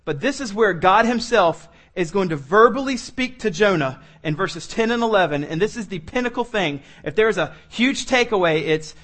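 Animated preacher man, fairly high voice. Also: normal speed, few pauses. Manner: animated, acts out voices and laughs often. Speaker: pastor. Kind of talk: sermon.

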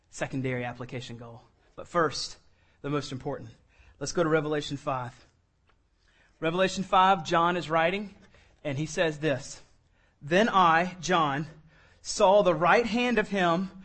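A man preaching a sermon as pastor, reading scripture slowly and building from quiet passages to loud, emphatic ones. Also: fairly high pitch. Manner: reads scripture slowly with weight.

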